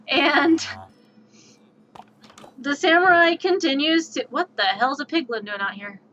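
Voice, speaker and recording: Swearing without restraint, a woman on stream tells an exasperated, lively tabletop game tale. She speaks slowly in a high pitch, and the stream audio is dull and lo-fi.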